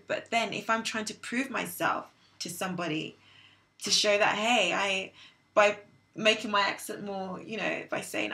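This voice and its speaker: A woman's voice: medium pitch, sharp tone. A young woman from England, hosting a casual discussion and reflecting aloud while searching for her words. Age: young adult. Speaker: host.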